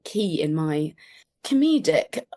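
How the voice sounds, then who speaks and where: A woman's voice: sits low, very animated, slow pace, warm tone. A woman, chatting as a comedy guest in a casual, self-deprecating way with lots of fillers. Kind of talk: casual interview chat.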